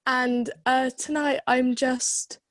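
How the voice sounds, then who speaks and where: A woman's voice: high-pitched, level tone, takes it slowly, fairly bright tone, dry recording, studio quality. A young woman with a Bristol accent, shy and giggly, giving brief answers on a video call. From Bristol, England.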